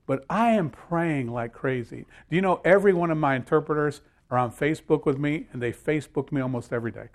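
A man preaching a sermon, emphatic and repeating key phrases, joking with his listeners. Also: a little high. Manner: repetitive, emphatic, jokes with audience.

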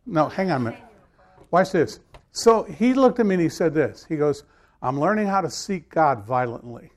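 Storytelling male pastor, fairly high voice. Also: animated, normal speed. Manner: conversational storytelling, rising to emphatic scripture reading. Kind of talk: sermon.

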